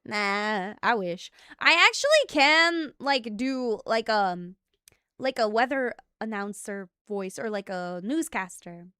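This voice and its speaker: A woman's voice: medium pitch, animated, takes it slowly, pushed and bright, clear, resonant tone, no echo, clean studio sound. A woman streaming as a VTuber and chatting casually with her viewers, giggly and playfully bossy.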